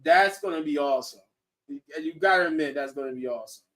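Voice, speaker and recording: A man hosting a casual online show, talking in an excited, rambling way and laughing often. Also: on the high side, quick pace. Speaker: show host. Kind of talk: casual chat reacting to viewers.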